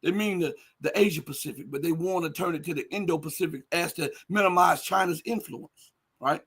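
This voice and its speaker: A man hosting a livestream, reading viewer chat and commenting emphatically, firing rhetorical questions and building up to shouting. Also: on the high side, brisk, slightly rough. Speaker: livestream host.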